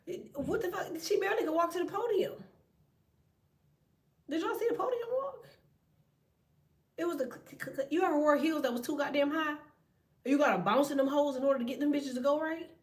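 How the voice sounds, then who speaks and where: A woman in her thirties with a high voice rants to her viewers in a loose, profane run of stories and jabs. She talks bluntly, with heavy cursing and a lively, storytelling push. Her voice sits a little back from the microphone. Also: a little fast, far from the mic. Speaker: tarot reader and vlogger. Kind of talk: profane casual rant to viewers.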